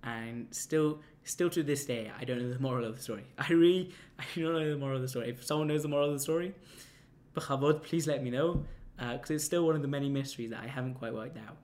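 A young man telling a casual anecdote, rambling and halting with many restarts and fillers. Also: mid-range voice, darkish tone. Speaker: storyteller.

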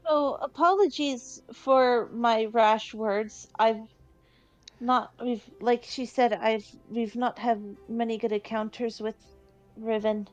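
A woman voicing a sheepish young adventurer who speaks loudly and haltingly. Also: a little high, fairly even intonation, dull audio, faint music behind. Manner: halting, loud, slow.

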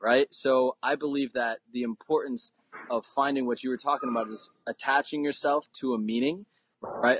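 A man's voice: mid-range voice, husky, no echo, dull audio. A man on a podcast, telling a personal story in an earnest, conversational way that builds suspense. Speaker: podcast guest.

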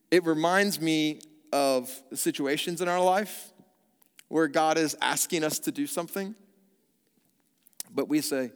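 A man, a pastor, telling a story with animated energy and then praying in a hushed, slow voice. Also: a little high, smooth. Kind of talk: sermon with storytelling and prayer. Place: church auditorium. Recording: long hall reverb.

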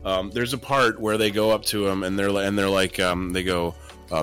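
A man co-hosting a casual chat podcast, telling stories with laughter and mimicking a mumbling witness in low, quiet tones. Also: level tone, normal speed, faint music behind. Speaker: podcast co-host.

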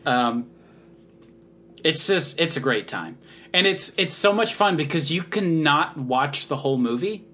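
A man's voice: a little high, animated, a little slow, fairly bright tone. Guy co-host rambling about movies, voice bouncing all over, laughs a lot. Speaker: podcast co-host. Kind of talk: casual chat. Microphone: headphones on, studio mic.

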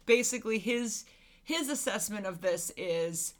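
A woman's voice: mid-range voice, a little slow. Chatty woman co-hosting a movie podcast. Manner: chatty, animated, laughs often. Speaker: podcast co-host. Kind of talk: casual movie podcast chat.

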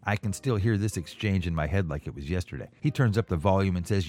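Podcast guy spinning a funny story, low voice but lots of ups and downs. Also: fast, hardly any pauses, faint music behind. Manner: wry, animated anecdote telling. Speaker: podcast host. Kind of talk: casual storytelling.

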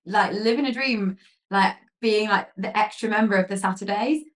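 Chatty woman telling lively anecdotes. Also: mid-range voice, normal speed. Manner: lively storyteller, many fillers, acts out quotes. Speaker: guest, pageant queen and photographer. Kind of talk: casual interview chat.

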